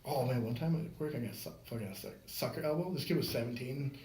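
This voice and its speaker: A man's voice: mid-range voice, fast talker. A man hosting a podcast, telling a story casually with lots of swearing and acting out the voices of the people in it. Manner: profane, animated, acts out quoted voices. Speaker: podcast host. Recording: echoey room with faint noise.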